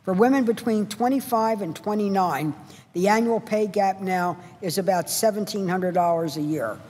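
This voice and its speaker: A woman's voice: mid-range voice, moderate pace, a little mellow, slightly rough. Impassioned woman giving a floor speech. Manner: impassioned, emphatic, building to repeated punchy phrases. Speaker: senator. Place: large legislative chamber. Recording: long reverb of a large chamber.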